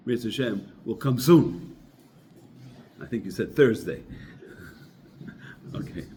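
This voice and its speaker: Informal Torah teacher, male, mid-pitched, chatty storyteller, faint background hiss. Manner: conversational storyteller, sprinkles religious terms. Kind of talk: informal Torah talk with parable.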